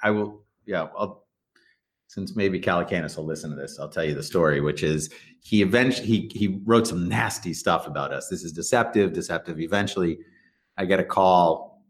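A middle-aged man, founder and CEO of a startup, chats as a guest in a casual interview, telling rambling stories with restarts and acted-out dialogue. His voice sits low, and he speaks at a normal speed.

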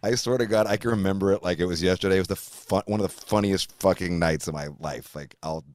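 A man telling a casual, animated story, swearing freely and acting out other people's voices. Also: deep voice, fast, no echo, clean studio sound. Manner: animated, profane, laughing storyteller.

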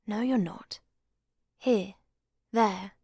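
An earnest young lover, as a woman reading a novel puts him on speaks low and coaxing, at times in a hush. Hurt, he breaks out sharper and louder. The sound is close and dry. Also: drawn-out words, gravelly, husky, dry recording, exaggerated voice. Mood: coaxing intimate.

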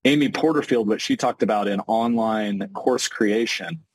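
Man, podcast host, low pitch, husky tone, dry close sound, animated conversational delivery. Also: no room sound, poor audio. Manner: animated, talks in quick bursts with acted-out examples. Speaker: podcast host and financial advisor.

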